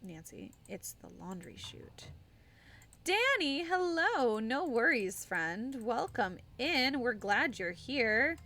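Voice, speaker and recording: Young woman streaming, slowish drawl, giggles a lot, keyboard clicks behind. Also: fairly high pitch, big pitch swings, pushed and bright. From United States. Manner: giggly, tired and chatty, talking to chat. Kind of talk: casual live-stream chat.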